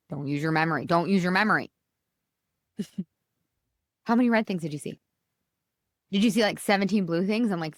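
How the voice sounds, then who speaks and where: A fairly bright-voiced woman hosts a podcast of casual, motivational talk, lively and chatty with a pitch that swings around. Her listeners are "you guys" again and again. The studio-quality audio carries no room sound.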